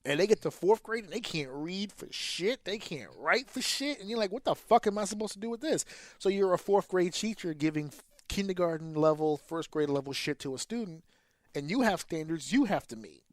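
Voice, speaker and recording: A man who is a teacher and a podcast co-host, talking in a blunt, profane, animated way. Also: fairly high pitch, moderate pace, dry recording. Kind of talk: casual profane podcast chat.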